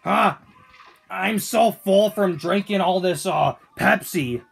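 A man doing grumpy whiny Toad, very high voice, gravelly husky edge, lively ranting questions. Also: slow, full character voice. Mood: annoyed. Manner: whiny, ranting, keeps asking indignant questions. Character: grumpy male Toad complaining on the couch. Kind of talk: fan-made cartoon voice acting.

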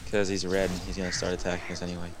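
A man's voice: deep voice, monotone, racing, heavy background noise. Crude joking young gamer guy. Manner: crude, joking, swears a lot. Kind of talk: casual co-op let's play banter.

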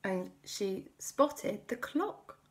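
A woman's voice: mid-range voice, very slow. A woman host telling a playful, improvised children's story. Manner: playful, lively, many character voices.

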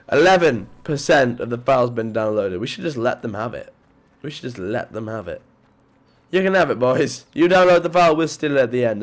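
A man with a stuffy nose from a cold, giving excitable live commentary over his gameplay, muttering one moment and yelping the next. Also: mid-range voice. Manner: excitable, jumps between mutters and yelps. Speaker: gaming video creator.

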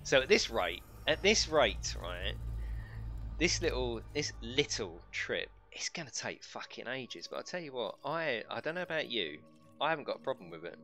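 A man's voice: medium pitch, very animated, normal speed, pushed and bright, soft background music. A middle-aged man casually commentating a live game stream, chatting and joking with his viewers. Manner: jokey, chatty, reads out chat and laughs often.

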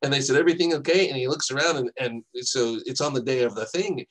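A man's voice: mid-range voice, fast, a bit bright, rough recording. A man co-hosting a podcast, telling a long anecdote in a casual, rambling way, often laughing and quoting people. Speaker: podcast co-host. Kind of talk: casual storytelling chat.

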